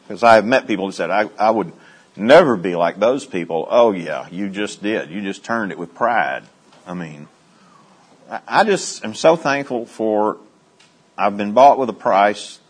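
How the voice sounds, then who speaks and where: A middle-aged man teaching a Bible study, moving from quiet asides to high, excited storytelling. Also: slightly rough.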